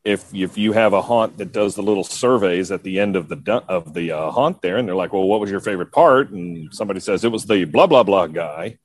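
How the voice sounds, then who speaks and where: A man in casual chat, calmly explaining his view on entertainment in haunted attractions. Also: low voice, fairly quick, few pauses.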